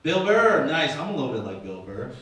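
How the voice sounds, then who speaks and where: A man's voice: mid-range voice, big pitch swings, fairly quick, fairly bright tone. A man in his fifties doing rambling, crude, self-mocking stand-up crowd work at an open mic, with a slight slur from dentures. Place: small comedy venue. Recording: echoey room, mic far off.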